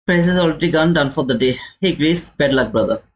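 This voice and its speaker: Young male streamer, non-native English accent, slightly high voice, chatty teacher who repeats himself. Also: expressive, fairly quick, dull audio, slight background noise. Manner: chatty, addresses viewers as brother; explains chart step by step, repeats key points. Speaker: day-trading streamer. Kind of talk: live trading commentary.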